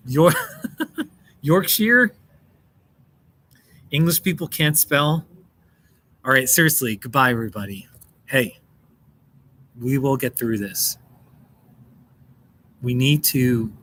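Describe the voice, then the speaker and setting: A talkative American man runs a relaxed live stream, answering his chat as it scrolls by. His voice sits at an ordinary middle pitch, and he breaks into laughter easily between remarks. A faint hum of background noise lingers behind him. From United States. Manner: chatty, reads out and answers chat, laughs often. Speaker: livestream host.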